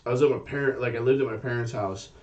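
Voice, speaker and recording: A man co-hosting a casual podcast, telling stories in an animated way and swearing freely. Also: medium pitch, fast talker, far from the mic, dull audio. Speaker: podcast co-host. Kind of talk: casual chat.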